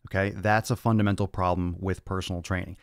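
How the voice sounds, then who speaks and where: A man's voice: low voice, flat delivery, fast talker, clean tone, no echo, clean studio sound. A man hosting a fitness podcast, answering listener questions in a blunt, profane, lecturing way. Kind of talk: blunt Q&A monologue.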